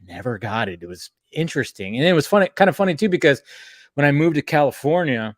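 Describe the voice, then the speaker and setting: A man hosting a casual film chat stream, excitable, laughing and swearing freely. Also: fairly high pitch, fast talker, dry recording, clean studio sound. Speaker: stream host.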